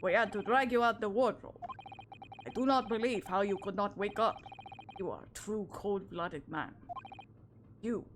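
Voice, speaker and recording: Woman putting on a gruff Russian sailor. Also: mid-range voice, normal speed, pauses often, a little hiss or hum, natural voice. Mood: menacing. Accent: put-on Russian. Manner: stern, broken grammar, loud. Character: gruff male Russian ship crewman, accusing. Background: game music.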